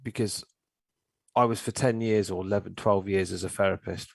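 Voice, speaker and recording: A middle-aged man telling stories in casual chat, animated and swearing freely. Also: low voice, moderate pace, creaky, dry recording. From England. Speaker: guest, therapist.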